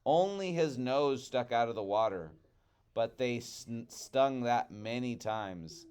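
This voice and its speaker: A male teacher reading a storybook aloud to children, expressive and chatty, stopping for asides with the class. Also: mid-range voice, slow pace, clear, resonant tone.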